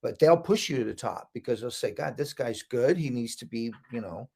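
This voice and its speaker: Here a middle-aged guest from the United States spins a lively tale during a storytelling interview, imitating each character's voice. He talks at an ordinary pace in a husky, mid-range voice with some vocal fry.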